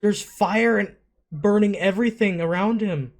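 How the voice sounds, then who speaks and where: A young adult hosts an anime reaction video, gasping, exclaiming and swearing at the screen in emotional commentary. The voice is medium in pitch and unhurried.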